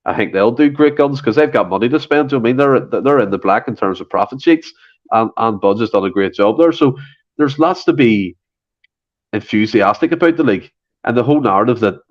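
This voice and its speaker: A man's voice: medium pitch, lively intonation, a little fast. A Scottish man co-hosting a football podcast, talking heatedly and swearing, his voice jumping up when he gets worked up. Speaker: podcast co-host. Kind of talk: passionate casual football chat. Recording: dull lo-fi podcast audio.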